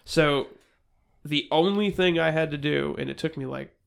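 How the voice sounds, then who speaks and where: A man's voice: on the high side, normal speed, creaky, a bit bright, clean tone. A man who once worked at a packing house, chatting casually and profanely, blunt in tone and explaining things step by step.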